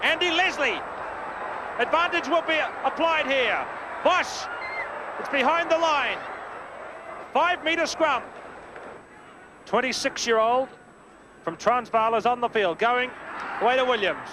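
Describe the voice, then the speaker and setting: A man giving brisk live rugby play-by-play commentary, lifting his voice on big plays, from a worn old videotape broadcast. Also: extremely high pitch, lively intonation. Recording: worn old VHS broadcast with crowd noise.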